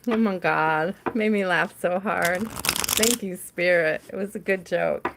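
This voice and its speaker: Slow-talking woman giving live tarot readings. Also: fairly low pitch, creaky, a bit bright, a little hiss or hum. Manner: chatty, laughs often, talks to viewers by name. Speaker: tarot reader hosting a live stream.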